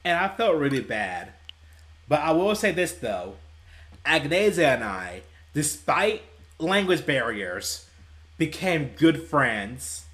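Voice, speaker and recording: A man's voice: fairly high pitch, very animated, slow, fairly bright tone. A young man and gaming YouTuber telling stories casually, rambling and laughing at his own tales, with faint music behind him. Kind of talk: casual storytelling while playing.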